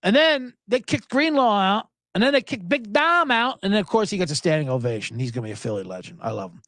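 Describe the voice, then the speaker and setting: A man's voice: high-pitched, sing-song, fast, a bit bright, no echo. A man hosting a sports podcast, ranting with profanity, chuckling asides and plenty of energy. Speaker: podcast host. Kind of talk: profane sports commentary rant.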